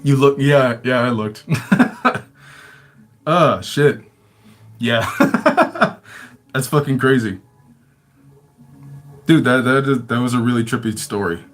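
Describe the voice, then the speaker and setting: A man's voice: mid-range voice, takes it slowly, pauses often, fairly bright tone. A man telling stories in a casual livestream chat, rambling and swearing, with lots of filler words and frequent laughter. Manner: rambling and profane, many fillers; laughs often. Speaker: livestream storyteller.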